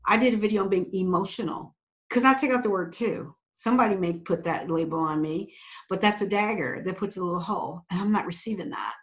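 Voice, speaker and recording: A woman with a medium-pitched voice speaks briskly as a podcast guest, giving earnest, preacherly advice and driving her points home by repeating phrases. The lo-fi audio sounds slightly dull.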